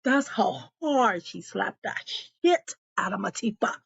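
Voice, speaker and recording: A woman casually recapping a TV episode, animated and chatty, talking straight to her viewers. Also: medium pitch, takes it slowly, gravelly, husky, highs cut off. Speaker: show recap vlogger.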